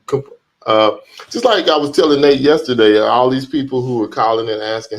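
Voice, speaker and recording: A hoarse man co-hosting a relaxed DJ podcast. He talks emphatically, draws out his exclamations and laughs easily between points. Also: medium pitch, moderate pace, poor audio. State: hoarse from a flu. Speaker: podcast co-host, DJ. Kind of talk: casual chat.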